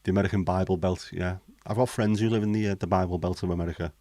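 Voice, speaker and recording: Male host, very low voice, dry close sound, sweary cynical banter. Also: steady tone, very fast, warm tone, no room sound. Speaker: livestream host. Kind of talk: casual chat.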